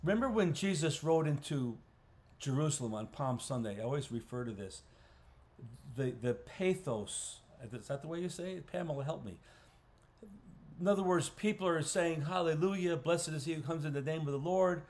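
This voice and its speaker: Pastor teaching a Bible study. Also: male voice, on the high side, animated, normal speed, darkish tone. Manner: conversational, frequent restarts and throat clearing. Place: church. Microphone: livestream recording.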